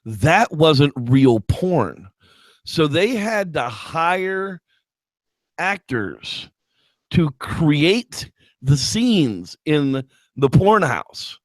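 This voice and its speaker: A man's voice: a little high, very slow, no room sound, studio quality. A man co-hosting a movie review show in casual, rambling chat, swearing freely and launching into impressions. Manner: lively, rambling, swearing, jumping into voices.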